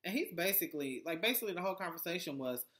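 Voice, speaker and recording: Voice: medium pitch, lively intonation, rapid-fire, fairly bright tone. A vlogger recapping a reality TV episode in a casual, profane and sarcastic way, rambling with lots of fillers and restarts.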